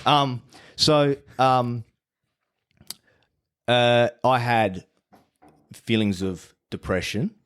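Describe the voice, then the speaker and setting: A man's voice: medium pitch, very slow, long pauses, clean tone. An Australian man telling his story as a podcast guest in a casual, laid-back way and swearing freely. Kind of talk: casual chat.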